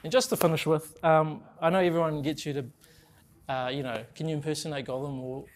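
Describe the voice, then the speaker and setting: A man interviewing a guest in a relaxed, friendly, casual way. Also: a little high, a little fast.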